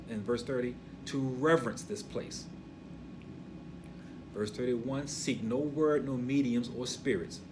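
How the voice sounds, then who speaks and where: An older man with a gray beard teaching a Torah portion, emphatic and preachy, dropping to a hush and then rising loud. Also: mid-range voice, background noise.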